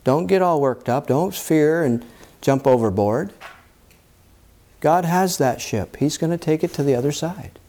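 A man preaching a sermon, reading scripture aloud and talking plainly to a congregation, his voice climbing high when he voices people's pleas and dropping low and soft to reassure. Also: expressive, measured pace. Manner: reads scripture aloud, then rises high and loud in acted pleas.

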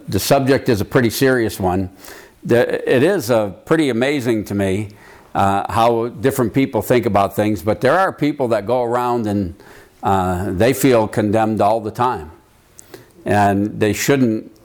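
A man with a fairly low voice teaches a Bible study group. He talks in a relaxed, halting way and keeps asking the room questions as he works through a passage. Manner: conversational, halting, quizzes the room.

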